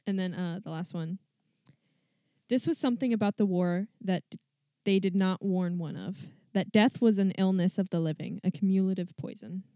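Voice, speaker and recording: A woman's voice: mid-range voice, dark tone, no echo, clean studio sound. A woman co-hosting a casual book podcast who laughs easily, agrees often and reads passages aloud. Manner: quick to laugh, lots of agreeing backchannel. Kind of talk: casual book discussion with read-aloud quotes.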